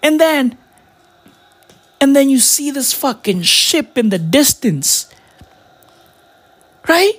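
A woman's voice: sits high, sing-song, slow, pauses often. A young woman from Africa, delivering a profane comedic rant that keeps tossing in "right?". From South Africa.

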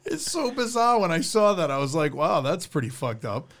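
A man's voice: a little high, sing-song, normal speed, a bit bright. A man co-hosting a podcast in casual chat, making crude wisecracks. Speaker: podcast co-host.

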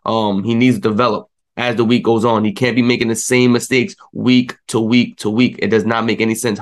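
Frustrated young man ranting about sports. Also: mid-range voice. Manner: frustrated, animated rant with many fillers. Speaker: sports podcast co-host. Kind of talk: casual sports talk.

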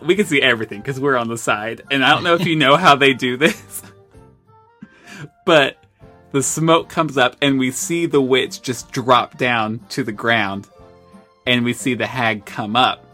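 A middle-pitched American man co-hosts a casual podcast, telling animated, self-deprecating stories in an easygoing conversation. Faint music plays in the background.

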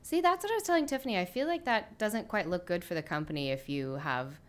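Woman, podcast co-host, casual chat, low-key, lowish voice. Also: lively intonation, fast talker. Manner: low-key, brief reactive replies.

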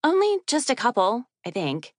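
A flustered young woman, crying and stammering as she makes fun of herself, her voice pitched high and bright, as a woman reads her in an audiobook. The recording is close and dry. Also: huge pitch swings, moderate pace, no room sound. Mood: sheepish. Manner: stammering, self-deprecating. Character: flustered young woman grad student, teary.

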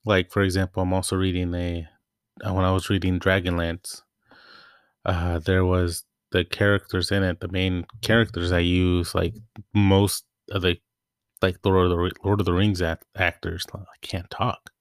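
A man's voice: sits low, flat delivery, normal speed, smooth, no echo, clean studio sound. A young man hosting a casual solo podcast, chatty and rambling, often stopping to restart his thoughts. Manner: rambling, self-interrupting, chatty. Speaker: podcast host.

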